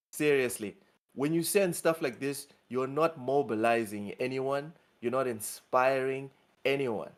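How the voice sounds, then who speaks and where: A man's voice: medium pitch, unhurried. Blunt ranting male gaming co-host. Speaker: co-host of a gaming news show. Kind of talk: casual chat.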